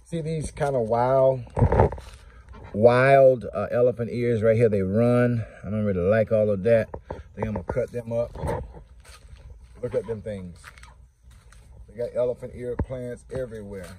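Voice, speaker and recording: A man's voice: mid-range voice, steady tone, unhurried, pauses often, noisy background. A man giving a casual, chatty walking tour of his garden plants outdoors, talking straight to his viewers. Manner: chatty, talks to viewers and scolds his ducks. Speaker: homestead vlogger. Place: outdoors in a yard.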